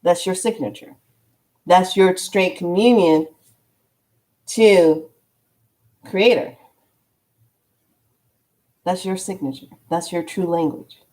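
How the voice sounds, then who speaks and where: Animated woman telling a spiritual story. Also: lowish voice, takes it slowly, long pauses. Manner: animated, acts out dialogue in a storytelling way. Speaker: spiritual vlogger.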